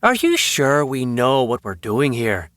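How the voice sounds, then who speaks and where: A man's voice: medium pitch, wildly swooping pitch, measured pace, fairly bright tone, no room sound, studio quality. A man voicing a playful, fierce Irish vampire woman in an audiobook, with a wry, teasing manner. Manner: wry, flirtatious banter.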